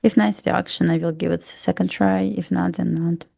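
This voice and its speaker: Woman co-host, Russian accent, careful enunciation, gravelly tone, close and dry. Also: fairly low pitch, level tone, fairly quick, mellow, no room sound. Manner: pronounces every letter carefully. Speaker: trading stream co-host. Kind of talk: casual live-stream chat.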